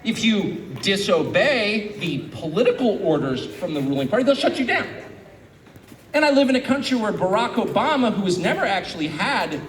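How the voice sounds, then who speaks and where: An American man giving a public speech to an audience in a sarcastic, animated way. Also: high voice, background noise. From United States. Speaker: guest speaker. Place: event venue before an audience. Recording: echoey venue, distant mic, background ambience.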